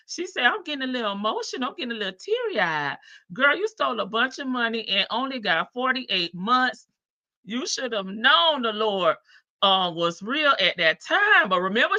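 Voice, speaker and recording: A woman's voice: on the high side, sharp tone, no room sound, highs cut off. A woman hosting a live stream, reacting with sassy, teasing commentary in speech and laughing often.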